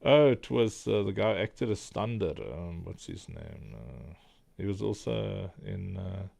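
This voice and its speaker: Gravelly South African man. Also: sits low, lively intonation, measured pace, a little mellow, dry recording. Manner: hesitant, searches for words. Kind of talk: casual chat on a call.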